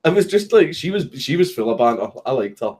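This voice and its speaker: A man's voice: a little high, very animated, quick pace, a little mellow. A young Scottish man, a streamer, casually telling a story with lots of swearing and laughing at his own punchlines.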